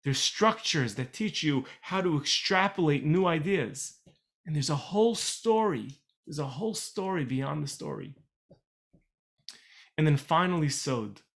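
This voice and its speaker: A man with a fairly high voice leads an online Torah class over a video call. He explains each idea patiently, repeats key phrases for emphasis and drops in chatty asides. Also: animated, unhurried, creaky, fairly bright tone. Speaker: Torah teacher.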